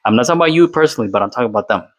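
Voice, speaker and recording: A man's voice: medium pitch, lively intonation, racing. A man from Colombia doing reaction commentary, lecturing and repeating his points with tag questions. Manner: lecturing, repeats points with "all right?" and "okay?".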